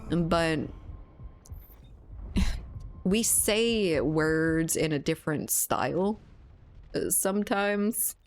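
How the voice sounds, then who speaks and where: Low-voiced Cajun woman streamer. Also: background noise. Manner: rambling, laughing, swears casually. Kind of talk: casual chat while gaming.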